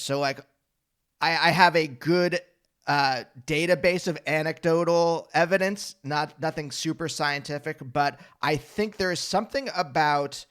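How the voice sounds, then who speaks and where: A man's voice: on the high side, fairly bright tone. A man hosting a podcast, musing thoughtfully and hesitantly, with frequent fillers and restarts. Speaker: podcast host. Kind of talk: casual conversational interview.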